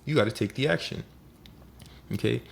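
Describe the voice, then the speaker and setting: A man giving a casual motivational talk as host, animated and acting out little scenes. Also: mid-range voice, normal speed, gravelly.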